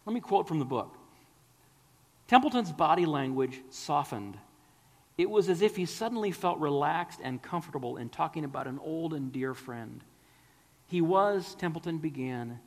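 A man's voice: on the high side, in a large hall. A man preaching a sermon, earnest and pleading, sometimes dropping to a whisper.

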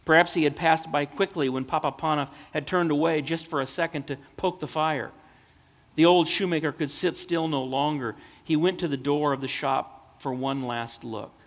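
A man's voice: on the high side, steady tone, moderate pace. Earnest man reading a children's story. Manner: earnest, emotional. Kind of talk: reading a children's story aloud, then reflecting. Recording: long hall reverb.

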